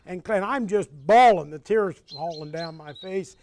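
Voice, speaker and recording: A man's voice: high-pitched, normal speed, hardly any pauses. A man in his sixties from Indiana, hosting a show and telling folksy stories from his childhood, chuckling often. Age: 60s. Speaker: host. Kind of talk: storytelling in casual conversation.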